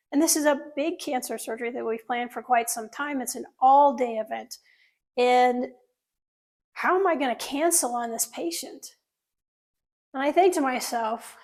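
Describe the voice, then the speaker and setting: Surgeon, female, middle-aged; high voice, earnest first-person storytelling with audience asides. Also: normal speed. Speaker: plastic surgeon telling her story.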